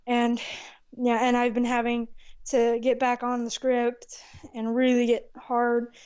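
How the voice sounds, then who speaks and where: A woman's voice: fairly high pitch, completely flat delivery, unhurried, a little mellow, clear, resonant tone, dull audio. A young woman in her teens, co-hosting a podcast in a casual, rambling way and often correcting herself. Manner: rambling, self-correcting, loses track. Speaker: podcast co-host, machinima maker.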